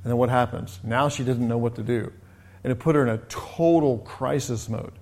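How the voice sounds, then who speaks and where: A middle-aged man who runs a coaching business, sharing personal stories in a conversational, lively way with frequent restarts. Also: medium pitch. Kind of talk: personal storytelling talk.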